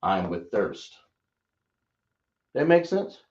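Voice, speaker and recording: A man teaching a language lesson, speaking slowly and often checking whether his listeners understand. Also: fairly low pitch, big pitch swings, a little mellow. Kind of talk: classroom lesson. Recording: echoey room, dull lo-fi sound.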